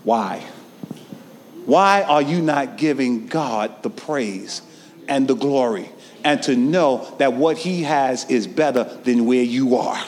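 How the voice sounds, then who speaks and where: A man a sermon, calling out to his congregation and swinging from shouted lines to hushed ones. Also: a little high. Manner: call-and-response preaching, swinging from shouts to near-whispers. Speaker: preacher. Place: church sanctuary. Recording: long reverb of a large hall.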